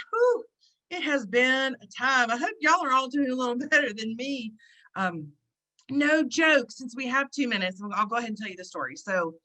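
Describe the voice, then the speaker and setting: A woman hosting an online gathering over a video call, chatty and excitable, with lots of fillers. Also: mid-range voice, low-quality recording. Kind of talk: casual chat. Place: at the beach, indoors.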